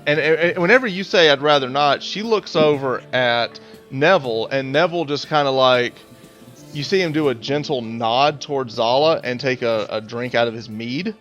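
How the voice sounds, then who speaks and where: A man's voice: medium pitch, moderate pace, a bit bright, faint music behind. A man narrating a tabletop game as game master, in a casual, rambling way. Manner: casual, rambling with fillers and restarts.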